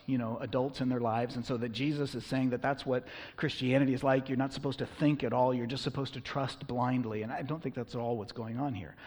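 Husky male pastor in a reverberant hall. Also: mid-range voice. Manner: conversational, with bursts of loud emphasis. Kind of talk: sermon.

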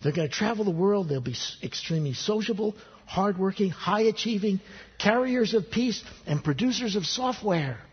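A proud, cheerful creator god boasting about his handiwork, put on by a preacher. The voice sits high and husky. It carries a long hall echo through a dull, muffled recording. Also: lively intonation, normal speed, heavily acted.

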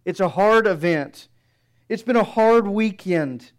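A man preaching an expository sermon in a measured, reflective way, with frequent rhetorical questions. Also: high-pitched, expressive.

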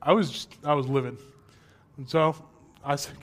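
A man's voice: a little high, fairly even intonation, moderate pace. A young adult man preaching a sermon, candid and conversational, rising into emphatic stretches.

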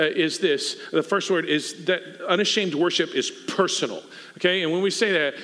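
Bright-voiced man preaching in a hall. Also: sits high. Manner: conversational, joking asides. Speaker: pastor. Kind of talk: sermon. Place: church sanctuary. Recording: long reverb of a hall.

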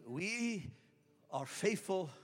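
A man in his sixties, a pastor preaching a sermon that swells into fervent shouting. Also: sits high, animated, drawn-out words. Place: church sanctuary. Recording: reverberant church hall with music.

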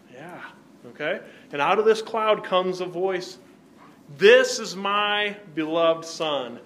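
This man teaches a Bible class, and his voice sits a little higher than most men's. He keeps turning to the room with "right?" and quick questions. A faint hum of room sound stays under him.

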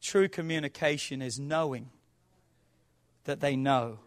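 A man preaching a sermon with animated delivery who acts out quoted arguments and sometimes rises to shouting. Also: mid-range voice, unhurried. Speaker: pastor.

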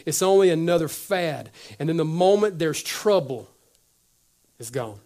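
A male pastor delivers a sermon in a slightly high voice. He talks animatedly, swinging from loud emphatic lines down to hushed, whispered asides, and he acts out little back-and-forth conversations as he goes. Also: lively intonation, measured pace.

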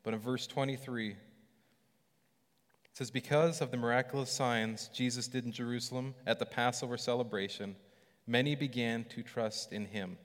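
A man preaching a casual sermon, animated and conversational, acting out scripture with lively voices. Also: mid-range voice, moderate pace, big-room sound.

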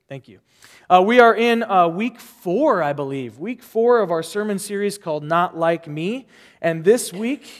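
A man's voice: fairly high pitch, long reverb tail. A man giving a sermon as pastor, talking in a loose conversational way full of fillers and restarts.

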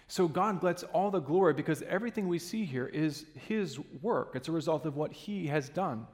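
A man's voice: on the high side, expressive, moderate pace, darkish tone, long reverb tail. A man preaching a sermon in a church, earnest and emphatic, sometimes restarting a phrase.

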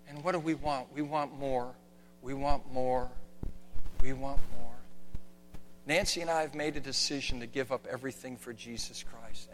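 A man preaching a sermon, swinging from hushed, quiet lines to loud, shouted ones. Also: mid-range voice. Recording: long reverb of a hall, faint hum.

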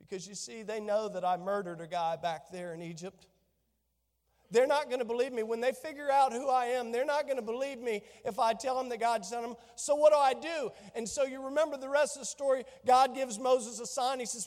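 Pastor guy preaching, really high voice, big echoey church hall, acts out the bible bits. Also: a little fast. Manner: animated preaching, acts out biblical dialogue. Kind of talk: sermon. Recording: long reverb of a church hall.

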